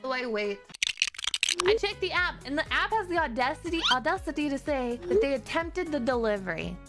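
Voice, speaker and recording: A woman streamer telling a story in a casual rant, animated and exasperated, swearing freely. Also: high voice, a little fast. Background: background music.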